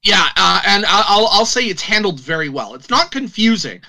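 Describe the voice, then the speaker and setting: Bright-voiced man recapping a film. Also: sits high, sing-song, moderate pace. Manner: retells scenes at length with many restarts and fillers. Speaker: podcast co-host. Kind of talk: casual film discussion.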